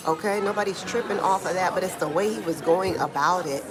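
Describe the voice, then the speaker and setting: A woman giving casual live-stream commentary from home in Brazil, talking in a slangy, animated way and answering chat comments, with a small clip-on mic. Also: lowish voice, moderate pace, few pauses, a crowd in the background. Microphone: small clip-on microphone being tested. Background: Brazilian music playing.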